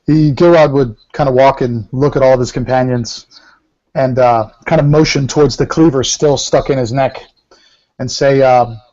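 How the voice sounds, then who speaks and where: A man's voice: mid-range voice, steady tone, normal speed, darkish tone. Hesitant man narrating his character. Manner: hesitant, many fillers and restarts. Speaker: player. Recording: muffled lo-fi recording.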